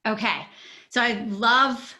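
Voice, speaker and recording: A woman's voice: fairly high pitch, steady tone, slow, pushed and bright. A woman hosting a podcast interview, asking questions in an encouraging, affirming way. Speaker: podcast host. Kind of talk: conversational interview.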